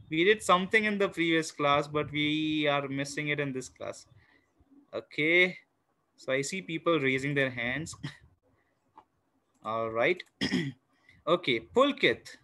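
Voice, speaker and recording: A fairly high, bright and forceful male voice running an online math lesson for young children. He talks in an encouraging, patient way, counting out loud step by step and often filling pauses with "you know." The sound comes from a computer mic on a video call. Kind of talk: live online class for young kids.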